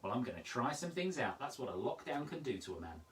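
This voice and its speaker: A man's voice: mid-range voice, fast talker, far from the mic, slight background noise. A man hosting a daily poetry show from home, reading poems aloud and chatting to viewers in a playful, theatrical way. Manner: animated, playful, theatrical delivery.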